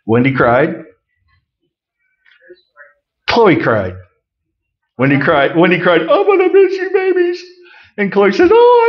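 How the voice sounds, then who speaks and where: A middle-aged man preaching a conversational sermon, folksy with joking asides, swinging from loud emphasis to quiet remarks. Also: mid-range voice, lo-fi sound. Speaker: pastor.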